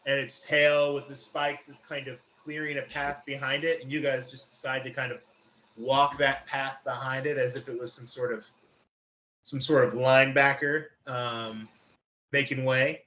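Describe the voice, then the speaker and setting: Bright-voiced game master man. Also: medium pitch, flat delivery, reverberant, a little hiss or hum, rough recording. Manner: descriptive, halting with many fillers. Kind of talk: narrating a tabletop game.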